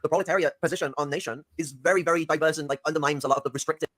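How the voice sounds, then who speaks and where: A man discussing politics on a stream, lecturing quickly and swearing as he makes his points. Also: fairly high pitch, fairly even intonation, fairly bright tone, no echo.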